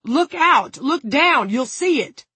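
A woman voicing a desperate man who shouts urgent warnings while pinned down under fire, in a storybook reading. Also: high-pitched, lively intonation, slow pace, dry recording, pitched above the performer's own voice, heavily acted. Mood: shouting urgently.

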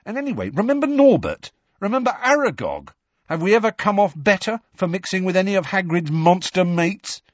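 A man reading an audiobook voices a blunt, excitable teenage boy who speaks with indignation and disbelief. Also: a little high, unhurried, husky, no echo, highs cut off, voice pushed up, heavily acted. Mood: insistent. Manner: blunt, incredulous.

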